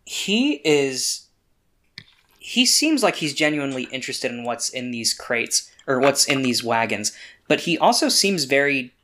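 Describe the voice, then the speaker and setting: Gm running a tabletop game, relaxed and casual, normal pitch. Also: unhurried. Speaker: game master.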